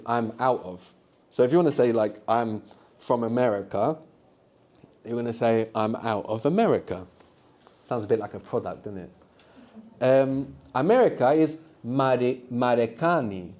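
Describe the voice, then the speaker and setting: A man's voice: mid-range voice, darkish tone. A man teaching a live beginners' language workshop, patiently explaining and prompting students to answer.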